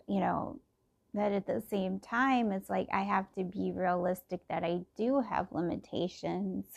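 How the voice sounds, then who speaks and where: A woman's voice: medium pitch, fairly even intonation, takes it slowly, gravelly. A middle-aged woman thinking aloud in a casual personal podcast, meandering and full of fillers and restarts.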